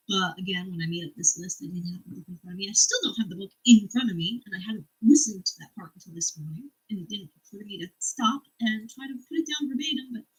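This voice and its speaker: A woman's voice: medium pitch, breathy edge, poor audio. A woman vlogger chatting casually about a book series, enthusiastic, cursing freely and laughing often. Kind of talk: casual chat about books.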